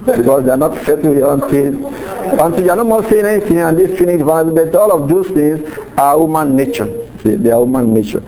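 Middle-aged guy pastor preaching, chatty, voice kinda high and mellow. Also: expressive, brisk, poor audio. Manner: conversational preaching with acted-out quotes. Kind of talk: sermon.

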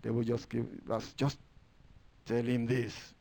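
A monotone, creaky male voice preaches a little slowly, quoting and reading scripture. He moves between hushed low asides and loud raised declarations and draws out words for stress.

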